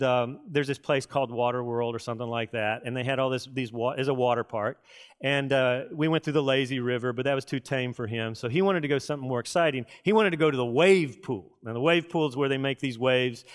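A middle-aged man preaching a sermon from Texas, telling folksy stories with dramatic pauses and asides. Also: mid-range voice. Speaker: pastor.

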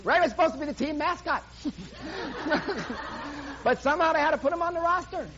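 A man preaching to a live audience, telling a sports story in animated play-by-play style. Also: extremely high pitch, a little fast, pauses often. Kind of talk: sermon with sports illustration. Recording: dull lo-fi recording, faint hiss.

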